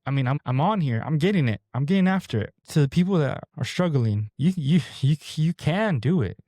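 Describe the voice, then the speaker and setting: A man's voice: fairly high pitch, lively intonation, fairly quick, mellow, dry recording, studio quality. A man in his twenties hosting a podcast, delivering a blunt, straightforward motivational monologue into a camera mic. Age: 20s. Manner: blunt, straightforward, pep-talking. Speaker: podcast host.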